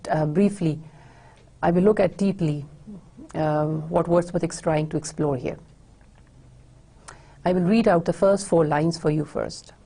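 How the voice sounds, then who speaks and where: A woman teacher giving a measured lecture explaining a poem, often pausing and restarting. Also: fairly low pitch, mellow, breathy edge. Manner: measured, with frequent hesitations and restarts.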